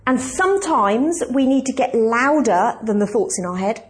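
A woman's voice: fairly high pitch, expressive, normal speed, slight background noise. A woman pastor preaching a conversational, emphatic sermon and asking the congregation questions.

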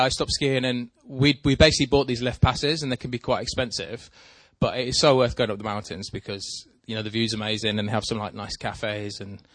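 Recorded dry, this man has a mid-range voice. He's in casual chat with a co-host, rambling through a story at his own expense and getting animated whenever he's excited.

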